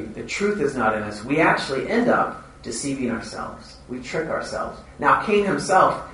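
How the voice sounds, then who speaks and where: A man's voice: medium pitch, sharp tone. A man preaching a sermon in an earnest manner, driving points home through repetition. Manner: earnest, repetitive emphasis, rising and falling delivery. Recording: roomy echo, heard from a distance, faint ambience.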